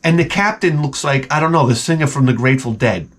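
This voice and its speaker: A man's voice: mid-range voice, quick pace. A man hosting a video, rambling through a profane, comedic rant and often stumbling over his words. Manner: profane, digressive and exasperated; often repeats and restarts words. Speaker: video host.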